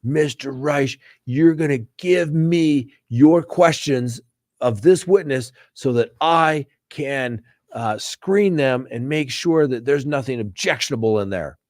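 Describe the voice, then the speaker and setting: A man voicing a stern, officious male military judge who speaks slowly and pompously. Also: mid-range voice, a little mellow, no echo, clean studio sound, pitched above the performer's own voice, close to an everyday voice. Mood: scolding.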